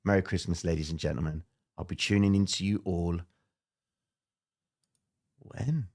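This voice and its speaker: A man's voice: low voice, steady tone, normal speed, a little mellow. A man hosting a trading livestream, talking casually and emphatically to his viewers with slangy asides.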